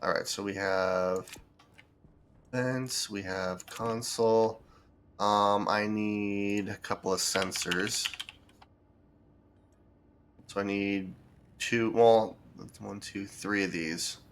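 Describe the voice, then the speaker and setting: A man with a low, gravelly voice talks through his game while he plays, thinking aloud with plenty of ums and restarts. His commentary is easygoing and unscripted. A faint hiss of noise sits under the voice. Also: steady tone, slow, long pauses, fairly bright tone. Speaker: game streamer. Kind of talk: casual gameplay commentary.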